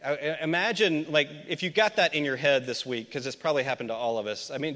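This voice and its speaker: A man's voice: mid-range voice, fast, hardly any pauses, fairly bright tone. A man from Memphis preaching a conversational sermon as a pastor, chatting with the congregation and putting questions to them. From Memphis, USA. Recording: long reverb of a large hall.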